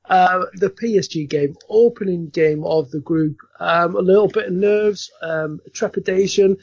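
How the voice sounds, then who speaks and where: A man's voice: high-pitched, unhurried, vocal fry, no echo. A man with an Australian accent hosting a podcast in a casual, jokey, chatty way and laughing often. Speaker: podcast host. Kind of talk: casual chat. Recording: dry, dull lo-fi sound.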